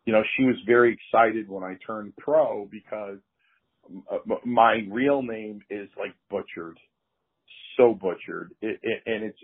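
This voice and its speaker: Gravelly older man over a phone line. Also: on the low side. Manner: animated anecdotes, acts out quoted voices. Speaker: retired wrestler telling stories. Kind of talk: casual storytelling.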